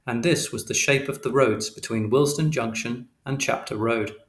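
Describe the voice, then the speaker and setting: A man reading an audiobook aloud in a steady, literal, matter-of-fact way. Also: mid-range voice, normal speed. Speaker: audiobook narrator. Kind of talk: scripted narration. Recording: roomy echo.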